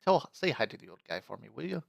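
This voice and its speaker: A man putting on an accent to voice a kindly old grandfather reading his farewell letter aloud, slow and earnest. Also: mid-range voice, big pitch swings, gravelly, a little hiss or hum. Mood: tender.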